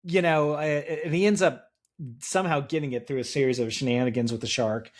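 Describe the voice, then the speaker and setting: A man's voice: on the high side, steady tone, a little fast. Thoughtful man in casual chat. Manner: thoughtful, hesitant with fillers. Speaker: podcast co-host. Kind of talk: casual chat about comics.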